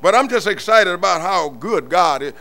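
An older man preaching a sermon, moving from quiet murmured storytelling to loud, impassioned shouts. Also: sits high, animated, moderate pace, gravelly. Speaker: pastor.

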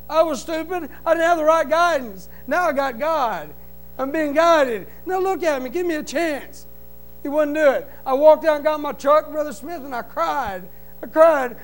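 Guy testifying in church, real high voice, pleading and fired up, faint music under it. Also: moderate pace, low-quality recording. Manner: impassioned, pleading, builds to shouting. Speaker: church member giving testimony. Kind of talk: preaching testimony.

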